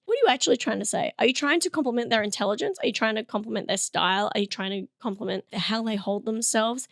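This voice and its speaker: A hoarse woman rambles to her camera in a self-deprecating review vlog, laughing at herself along the way. Her voice sits a little high. The sound is dry and close. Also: expressive, fast talker, hardly any pauses, fairly bright tone, dry recording. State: hoarse, voice partly lost. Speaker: comedian reviewing things. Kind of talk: casual solo review vlog. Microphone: talking into a camera.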